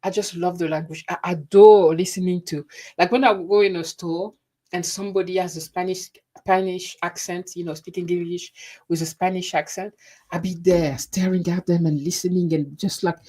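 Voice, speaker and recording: Middle-aged woman, slightly low voice, chatty vlogger, laughs at herself. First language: French. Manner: chatty, laughing, self-deprecating. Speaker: YouTube host. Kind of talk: casual live stream chat.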